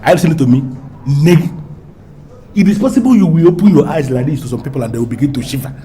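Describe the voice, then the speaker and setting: A man's voice: a little high, animated, quick pace, mellow, natural voice. An actor with a Nigerian English accent playing a domineering man who threatens his lover in grandiloquent, repetitive speech. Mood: threatening. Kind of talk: Nollywood film acting.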